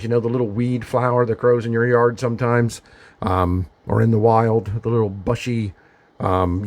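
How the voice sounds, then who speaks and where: A man's voice: mid-range voice, a little mellow. A man casually narrating and reviewing a wrestling match from home, chatty and opinionated with emphatic asides. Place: home during the daytime.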